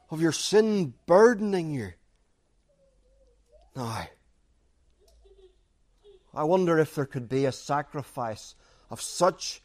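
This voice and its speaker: Preacher, male, slightly high voice; repeats key lines, swings from emphatic to hushed. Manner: shifts from loud stresses to quiet, intimate asides. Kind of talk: sermon.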